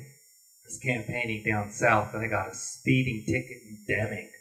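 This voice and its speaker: A man's voice: medium pitch, pushed and bright. A man running for governor, giving a folksy, earnest closing statement at a candidates forum. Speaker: political candidate. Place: meeting hall forum. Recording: distant room mic.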